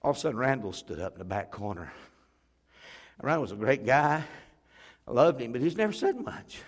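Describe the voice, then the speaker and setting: A man's voice: medium pitch, big pitch swings, a little fast. A middle-aged man, a pastor preaching and telling a story in an earnest, emotional way. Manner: earnest, emotional storytelling that acts out others' words. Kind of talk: storytelling sermon.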